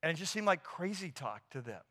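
Animated man preaching in a reverberant hall. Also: on the high side, fairly quick. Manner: animated storytelling, casual slang, many fillers. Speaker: pastor. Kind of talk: sermon.

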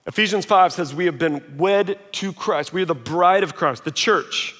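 Male pastor, high-pitched, casual and joking from the pulpit, recorded in a big reverberant auditorium. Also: moderate pace. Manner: conversational, self-mocking, animated quoting. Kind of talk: sermon. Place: large auditorium. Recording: long reverb of a large hall.

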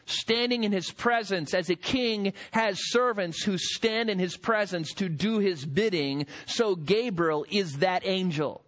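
A man preaching a sermon, emphatic and building to forceful peaks. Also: high-pitched, a little slow, few pauses. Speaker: pastor.

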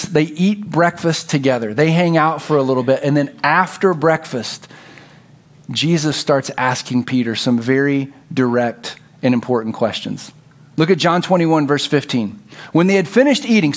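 A male pastor preaching a sermon, telling the story and acting out its dialogue, dropping to a low hush for emphasis. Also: normal speed.

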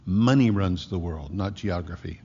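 A man preaching a sermon, emphatic, slowing down to stress key words. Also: low-pitched, mellow, slightly rough. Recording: muffled hall recording with long echo.

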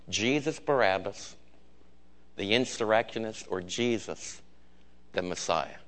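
Man, pastor preaching, fairly low voice, passionate, loud and soft in turns. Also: clear, resonant tone. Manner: impassioned preaching, swinging between loud cries and hushed low lines. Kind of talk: sermon.

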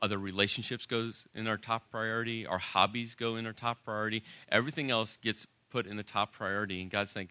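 A male pastor preaching a sermon, animated and emphatic with dramatic pauses. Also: on the low side, dry recording.

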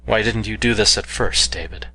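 A man reading the part of a young cave woman in love, speaking softly and quietly, at times in a whisper. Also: fairly low pitch, moderate pace. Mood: tender. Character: young cave woman, proud, tender and loving.

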